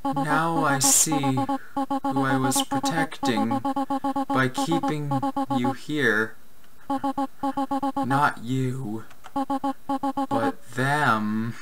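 Toriel, a man doing a soft hurt goat mother. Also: very animated, gravelly, a loud crowd, full character voice, rough recording. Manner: soft, high, slow. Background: game music.

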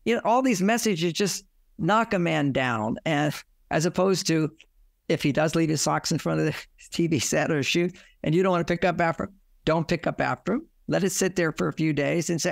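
A fairly high-pitched man with a gravelly, fry-edged voice tells stories to give relationship advice. He acts out the voices in his anecdotes and chuckles along. The sound is dry and close. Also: normal speed, dry recording. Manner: animated storytelling, acting out quoted lines, chuckling. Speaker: relationship author. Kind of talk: relationship advice told through personal anecdote.

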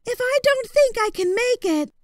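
A woman voicing a brave young boy in a storybook reading, urging and reassuring in a high voice. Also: expressive, moderate pace, dry recording, clean studio sound. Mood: urgent. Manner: urgent, reassuring. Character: brave young boy rescuer, calm and steady.

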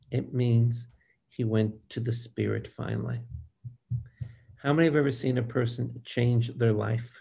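An older male priest leads a Bible study for a live group in a gravelly, creaky, mid-range voice with a dark tone. He preaches slowly and emphatically, putting questions directly to the listeners and asking them for amens.

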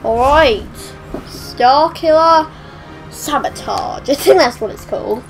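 A young woman casually commenting on her gameplay in an excitable, chatty way. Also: sits high, slow, rough recording. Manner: excitable, chatty, exclaiming at the action. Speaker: let's play gamer. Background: game music.

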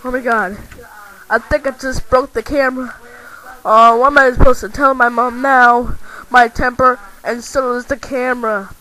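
A woman's voice: fairly high pitch, steady tone, moderate pace, a bit bright, lightly acted, rough recording. A woman voicing an angry male toy action figure in a home-made toy video, rambling and repeating herself. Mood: angry, ranting.

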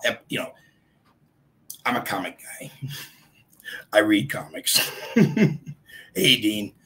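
A man hosting a casual live stream, chatting in a rambling way and greeting viewers by name, his voice a bit congested and hoarse. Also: on the low side, bright, forceful tone, poor audio.

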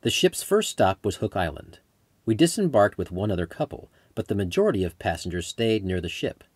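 A man reading his own travel memoir aloud in measured, descriptive storytelling. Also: fairly low pitch, sing-song, a little mellow, dry recording. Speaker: author narrating his memoir. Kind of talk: scripted audiobook narration.

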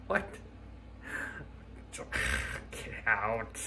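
A man's voice: medium pitch, animated, slow pace, long pauses, bright, forceful tone, a little hiss or hum. A young man rambling through a comic monologue outdoors, mumbling and trailing off into near-whispers, mocking himself. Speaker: comedy video creator. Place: outdoors on a hike.

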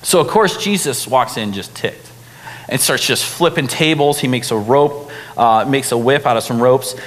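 A young man preaching a sermon in a casual, animated way, full of fillers like "right?" and "like". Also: mid-range voice, normal speed. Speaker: pastor. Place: church hall. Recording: long hall reverb.

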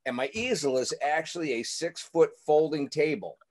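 A man's voice: on the high side, moderate pace, darkish tone, poor audio. A man from Massachusetts giving a friendly step-by-step drawing lesson to kids over a webcam. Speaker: illustrator teaching drawing. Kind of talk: drawing lesson on a video call.

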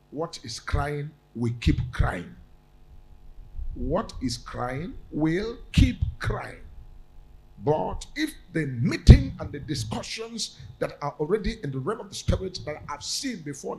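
A man's voice: sits high, vocal fry, darkish tone, rough recording. Emphatic preaching man, faint hum. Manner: emphatic repetition with stammered restarts. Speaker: prophet preaching. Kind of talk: sermon.

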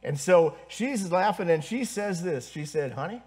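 A man who is a pastor, preaching a sermon to his congregation, earnest and building to emphasis, with pauses and fillers. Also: sits high, animated, a little mellow. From northern United States. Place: church congregation.

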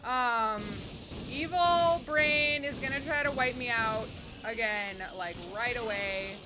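Bubbly high-voiced woman gamer. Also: slow. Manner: bubbly, squeals and cheers at the game. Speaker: gaming streamer. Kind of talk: excited let's-play commentary. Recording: game music playing behind. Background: game music.

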